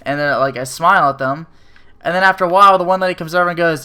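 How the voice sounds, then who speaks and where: A man's voice: on the high side, quick pace, bright, forceful tone, clear, resonant tone. A man telling a profane, sarcastic rant about bad service in a casual way. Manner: profane, sarcastic, filler-heavy. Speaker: restaurant server telling a story.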